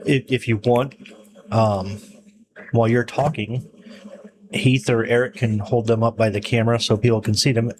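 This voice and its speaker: A man's voice: mid-range voice, fairly even intonation, normal speed, pauses often, crowd noise, poor audio. A man hosting a podcast, easygoing and joking in casual chat with guests in the studio. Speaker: podcast host.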